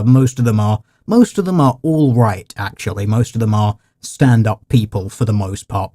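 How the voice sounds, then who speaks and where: A man's voice: on the low side, warm tone. A man hosting a livestream, talking to his chat in dry, mock-formal, sarcastic commentary. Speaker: livestream host.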